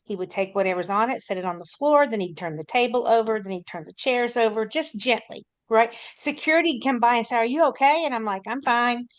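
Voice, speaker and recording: A woman's voice: a little high, fast, few pauses. A woman who works as a school counselor, telling a matter-of-fact anecdote in a panel talk.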